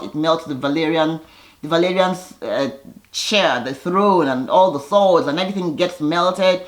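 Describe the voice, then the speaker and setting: A woman casually retelling a TV episode in a chatty, animated way, slipping into quick impressions of the characters. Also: low-pitched. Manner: chatty, with frequent restarts and fillers. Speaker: TV episode recapper.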